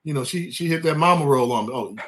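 Chatty man with a higher voice. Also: fast talker. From California. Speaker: guest, former college quarterback. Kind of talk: casual sports chat.

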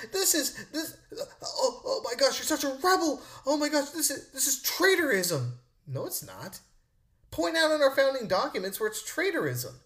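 A man's voice: high voice, a bit bright. A man hosting a podcast, ranting indignantly and mimicking others in mocking voices. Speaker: podcast host. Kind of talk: opinion rant monologue.

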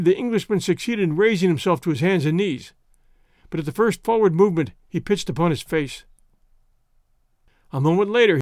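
A man hosting an audio story show and narrating it in a steady, measured way. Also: high voice, dry recording, studio quality. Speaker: audio story host and reader. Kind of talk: scripted narration.

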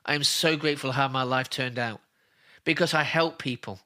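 Earnest man with a bright, forceful voice. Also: mid-range voice, moderate pace. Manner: earnest, emphatic, repeats himself for stress. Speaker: interview guest, spiritual healer. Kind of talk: emotional personal storytelling.

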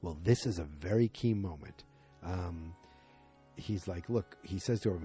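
A man with a low, mellow voice walks through a TV episode in a loose, chatty way. He acts out each character's lines in quick shifting voices and pads his talk with fillers. Soft music plays behind him. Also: animated. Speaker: show recapper. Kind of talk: casual episode recap.

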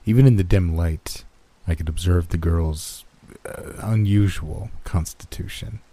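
Brief: low, dark-toned male narrator for a horror story, slow and hushed. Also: no room sound.

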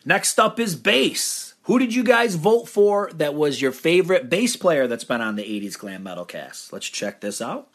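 A man's voice: a little high, very animated, normal speed, hardly any pauses, a bit bright. A man with an American accent hosting a podcast award show, announcing winners in a playful, upbeat way. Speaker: podcast host.

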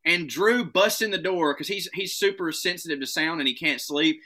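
A man spins funny stories on a podcast in a very bright, ringing voice, pitched a bit higher than most men. He talks in an animated, profane way and laughs often as he tells them. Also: moderate pace. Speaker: podcast guest. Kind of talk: casual comic storytelling.

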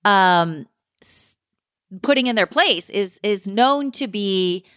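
A woman co-hosting a podcast, chatting casually and acting out what others said in an animated way. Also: mid-range voice, slow pace, smooth, no room sound, studio quality. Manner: animated, acts out quotes of others. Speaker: podcast co-host. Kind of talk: casual chat recapping a reality show.

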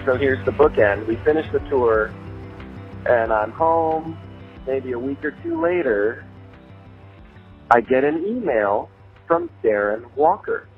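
A young man telling a casual anecdote, animated, laughing often and swearing casually, with many "like" fillers. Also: mid-range voice, slow, long pauses. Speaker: storyteller. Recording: phone-like line with faint music.

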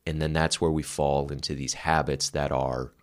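A man's voice: extremely low pitch, little pitch movement, moderate pace. A man co-hosting a podcast, talking candidly and reflectively about his past, swearing casually. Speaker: podcast co-host. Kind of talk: candid conversational chat.

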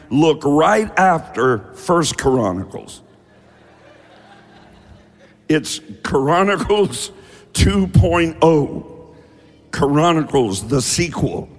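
High-voiced slow preaching man. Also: big-room sound. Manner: preaching with call-and-response shouts. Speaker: pastor. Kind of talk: sermon.

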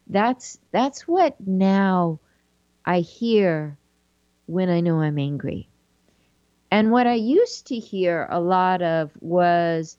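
A woman hosting a show, reading aloud from a book and reflecting on it in a gentle, thoughtful way. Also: fairly low pitch, expressive, slow pace, no room sound, muffled recording. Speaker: podcast host.

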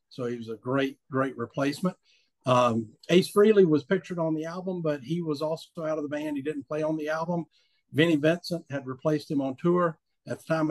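A man's voice: fairly high pitch, dry recording. A man in his fifties, a podcast guest, recounting a favorite memory in an earnest, upbeat way. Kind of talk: casual recollection.

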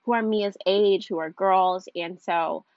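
A woman's voice: medium pitch, steady tone, a little slow, a little mellow, no room sound, lo-fi sound. A young woman talking casually to camera as a mom vlogger, rambling with lots of fillers and a stuffy nose.

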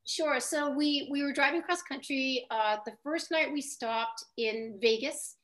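A woman, a writer and guest on an interview show, telling stories in a chatty, halting way with many restarts. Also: high-pitched, a bit bright. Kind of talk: casual interview talk.

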